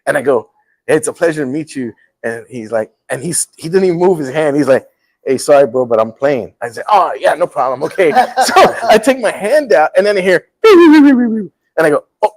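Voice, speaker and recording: A man's voice: fairly high pitch, fairly quick, rough recording. A middle-aged man hosting a casual talk show, telling a story and acting out the quotes with laughs. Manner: animated, acts out quotes with laughs. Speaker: host.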